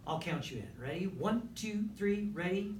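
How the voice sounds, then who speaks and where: A man's voice: high-pitched, lively intonation, moderate pace, a little mellow. A man coaching a brass ensemble in a rehearsal room, encouraging and checking in with "right?" and "okay?" after almost every point. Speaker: music clinician. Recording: roomy, from a distance, faint background noise.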